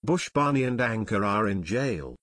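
A firm, commanding teenage boy sleuth, read by a man. The voice moves lively through its range in a dry, close recording. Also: lowish voice, normal speed, no echo. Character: steady teen boy detective giving orders.

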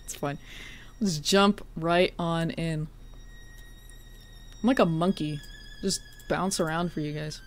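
A woman's voice: low voice, steady tone, slow pace, long pauses. Chatty, laughing woman streamer. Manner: chatty, greets viewers by name, laughs often; playful teasing. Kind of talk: casual live-stream chat while gaming.

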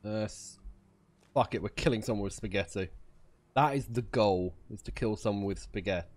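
Low-voiced man swearing through gameplay. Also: fairly quick, long pauses, a little mellow. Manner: swearing, talking through each move aloud; playful, slips into silly voices. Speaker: game streamer. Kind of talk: live gameplay commentary.

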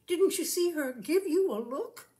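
A woman voicing an excitable young countryman fussing over his pet pig. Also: extremely high pitch, a little slow, pitched above the performer's own voice. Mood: excited coaxing. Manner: excited, coaxing, rustic grammar.

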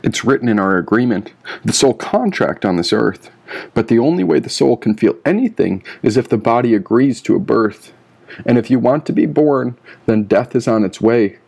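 A man reading the part of a cold, persuasive masked villain who lectures calmly in an audiobook. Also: medium pitch, normal speed. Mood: smooth, lecturing. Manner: calm, smooth, lecturing. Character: cold persuasive male villain in a golden mask.

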